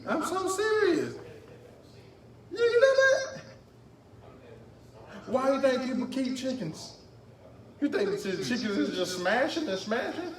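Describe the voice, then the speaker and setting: A high, lively man co-hosting a comedy podcast on stage at a bar, his pitch leaping all over as he jokes. He sounds a little distant from the mic, with a roomy echo around him. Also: a little slow, long pauses. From rural upbringing. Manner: animated, laughing, excitable. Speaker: podcast co-host. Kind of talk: casual comedic banter. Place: live bar stage with crowd. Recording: roomy live recording from far off.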